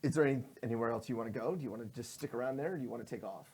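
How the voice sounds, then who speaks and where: A man narrating as game master of a tabletop game, lively, slipping into quick voices for his characters. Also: medium pitch, husky.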